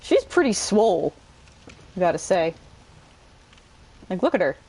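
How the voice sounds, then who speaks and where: A woman's voice: on the low side, sing-song, measured pace, mellow, a little hiss or hum, poor audio. A woman casually commenting on her gameplay, chatty and jokey, with the occasional curse. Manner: chatty, joking, swears. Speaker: gamer.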